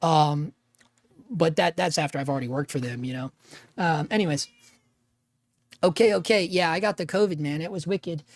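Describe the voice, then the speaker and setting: A man hosting a casual livestream, rambling with restarts and dropping "man" and "dude", his voice gravelly after an illness. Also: a little high, moderate pace, long pauses, no room sound. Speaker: livestream host and freelance videographer.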